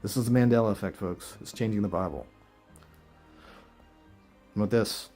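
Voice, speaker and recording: Husky man, incredulous commentary. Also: fairly low pitch, normal speed, pauses often, darkish tone, soft background music. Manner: incredulous, chuckling, rhetorical questions. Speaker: video host. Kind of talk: casual commentary reading verses.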